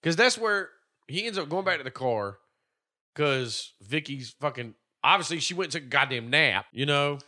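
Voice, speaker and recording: A man riffing on a movie in casual talk, joking and cursing freely. His voice is a little high, bright and lively in pitch. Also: moderate pace. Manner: profane, joking, drawling asides.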